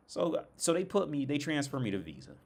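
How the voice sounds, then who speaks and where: A man's voice: fairly high pitch, very animated, a little fast, creaky. A young American man tells a rambling, profane story in a casual rant, full of restarts and exasperation. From United States. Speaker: streamer.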